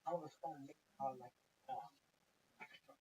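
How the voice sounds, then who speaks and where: An older man telling stories in casual chat, animated, swearing and acting out quotes. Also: fairly high pitch, moderate pace. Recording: distant, dull recording with faint noise.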